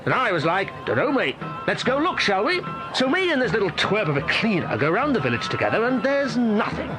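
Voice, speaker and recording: A man's voice: sits high, wildly swooping pitch, fairly quick. An actor playing a gossipy male warlock performer, mocking a coworker and mimicking people as he tells a story. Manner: chatty, mocking, acts out quotes in funny voices. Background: music.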